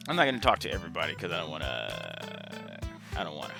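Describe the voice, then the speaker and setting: A man's voice: a bass voice, fast, creaky, over music. A male streamer talking casually to himself while playing a game. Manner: relaxed, muttering to himself. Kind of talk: casual gameplay commentary.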